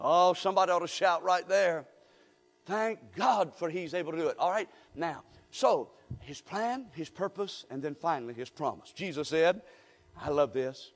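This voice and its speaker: A male pastor preaching a sermon in a church, with call-and-response and rising shouts. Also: fairly high pitch, moderate pace, big-room sound, faint music behind. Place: church sanctuary.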